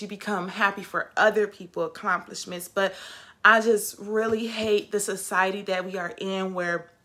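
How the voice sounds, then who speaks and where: A woman's voice: medium pitch, fairly bright tone. A woman vlogging to camera about self-love, talking in an emphatic, repetitive way and calling her viewers "baby" and "ladies". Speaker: vlogger and travel nurse. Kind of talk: casual motivational talk to camera.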